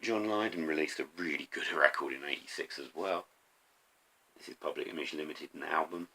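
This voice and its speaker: A middle-aged man talking casually to camera about his favourite records, eager but halting, with many pauses and ums. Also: a bass voice, pushed and bright. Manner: enthusiastic, halting with frequent ums. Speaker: vinyl record collector vlogger.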